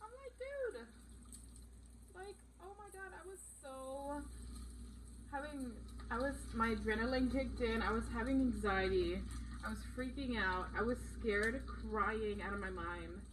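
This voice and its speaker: A woman's voice: fairly high pitch, unhurried, background noise. Blunt, swearing young woman telling a story. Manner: blunt, swears a lot, animated retelling. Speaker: vlogger. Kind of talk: casual storytime vlog.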